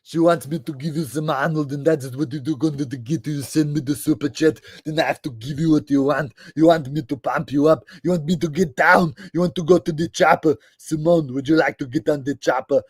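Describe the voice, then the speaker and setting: A man's voice: fairly high pitch, fairly quick, hardly any pauses, husky, no room sound. A man doing an action-star impression. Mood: pumped-up. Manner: stiff emphatic pronouncements.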